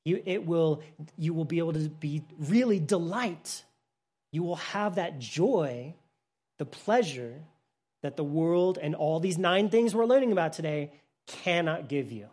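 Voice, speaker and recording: A Bible teacher preaching a sermon, explaining in plain, simple words with frequent restarts, and swinging from loud emphasis to hushed softness. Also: mid-range voice, expressive, measured pace, breathy edge.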